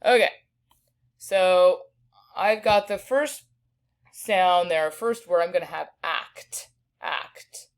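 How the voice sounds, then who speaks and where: A woman teaching a recorded spelling lesson, patiently sounding out each word slowly. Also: on the low side, clean tone. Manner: patient, slow sounding-out of words.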